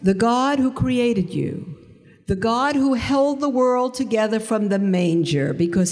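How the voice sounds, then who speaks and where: A woman's voice: on the high side, expressive, darkish tone. Earnest woman speaking in a reverberant hall. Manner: earnest, slowing for emphasis. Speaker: speaker giving a conversion testimony. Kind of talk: testimony talk.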